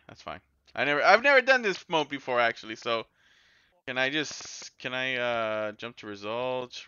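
Excitable man yelling over gameplay. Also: medium pitch, clear, resonant tone, no echo, dull audio. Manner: excitable, yells and swears at the game. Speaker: gaming YouTuber. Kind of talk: casual gameplay commentary.

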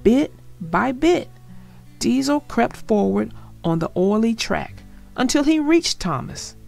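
A woman reading a children's story aloud with an expressive, gentle storybook delivery. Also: fairly high pitch, slow pace, vocal fry, soft background music.

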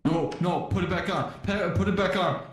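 A man chatting casually during a co-op game, giving his friends quick directions and warnings. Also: sits high, echoey room, a little hiss or hum. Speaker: gamer. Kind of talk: casual co-op gaming chat.

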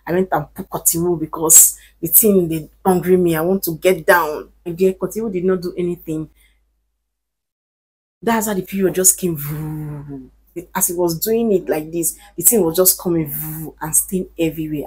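Husky low-ish woman vlogging, earnest and pleading, leans hard on her points. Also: fairly even intonation, moderate pace, a little mellow. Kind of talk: casual advice talk to camera.

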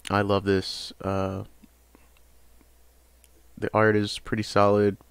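A young man casually reviewing trading cards, rambling with frequent hesitations and sudden bursts of excitement. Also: lowish voice, slow pace, vocal fry, clear, resonant tone, dry recording. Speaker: card game channel host.

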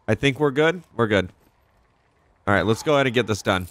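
A young man casually commenting as he plays a video game, excitable and profane, reacting out loud to the action. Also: fairly low pitch, fairly quick, no echo. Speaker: gaming channel host. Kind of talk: casual let's-play commentary.

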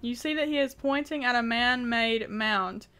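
A high, bright female voice reads out a text adventure and breaks off to react, laughing often and swearing in disbelief. Her tone is sharp and her pitch sits well above most women's. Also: moderate pace. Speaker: gaming YouTuber.

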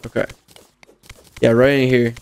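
Excitable young man gaming with a friend. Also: mid-range voice, moderate pace, smooth. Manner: excitable, repeats himself, says bro. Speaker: gaming channel host. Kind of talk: casual co-op gameplay chat.

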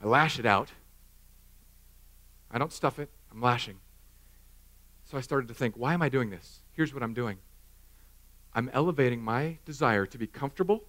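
A man in his thirties preaching a sermon in a church, animated and self-mocking, acting out little scenes. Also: medium pitch, normal speed, pauses often. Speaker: pastor. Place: church hall.

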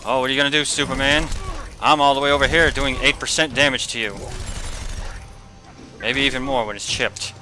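A man's voice: mid-range voice, steady tone, a little fast, pauses often. A young man giving casual commentary while playing a fighting game, trash-talking the opponent and grumbling in frustration.

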